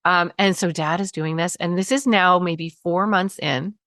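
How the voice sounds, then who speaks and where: A woman, a parenting expert telling stories in an interview, animated, acting out quotes and laughing often. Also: lowish voice, normal speed, no room sound, studio quality. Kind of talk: conversational storytelling interview.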